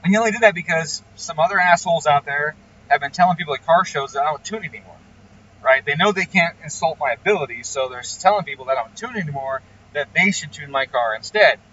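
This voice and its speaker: A man's voice: on the high side, expressive, fast, sharp tone, distant mic, dull audio, slight background noise. A man who tunes engines talks casually and bluntly, swearing freely as he rants and explains his work. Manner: profane, ranting, blunt. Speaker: engine tuner. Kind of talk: casual explanatory vlog talk.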